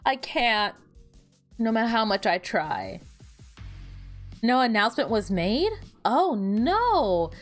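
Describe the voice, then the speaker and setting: A young woman chats casually on a livestream, giggling at her own jokes and repeating herself as she adjusts her setup. Her voice sits a little high and swings up and down a lot. Soft music plays faintly behind her. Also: expressive, unhurried, long pauses. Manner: rambling, repeats words while fiddling with her setup. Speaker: VTuber streamer.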